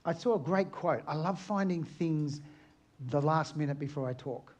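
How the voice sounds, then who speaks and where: A man's voice: a little high, normal speed, darkish tone, muffled recording. A middle-aged man from Australia, an aerial photographer giving a chatty, anecdotal conference talk and asking his audience questions.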